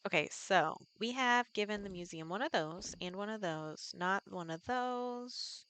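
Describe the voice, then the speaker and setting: A woman's voice: medium pitch, unhurried, few pauses, fairly bright tone, smooth. A woman live streamer chatting casually with viewers while playing a farming game, thinking aloud and greeting people in the chat.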